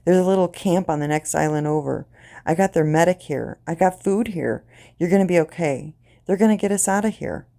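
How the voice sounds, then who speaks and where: Brief: rough male soldier near tears, low gravelly tone; voiced by a woman storyteller. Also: normal speed, hardly any pauses, dark tone. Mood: tearful relief. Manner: urgent, emotional, near tears. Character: rough, loyal male soldier rescuing a comrade.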